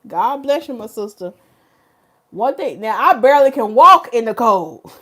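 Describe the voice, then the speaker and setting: A woman's voice: fairly high pitch, very animated, normal speed, bright, forceful tone. A woman, casually chatting on a livestream, reading viewer comments and laughing often. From North Carolina, USA. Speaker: hair stylist and livestream host.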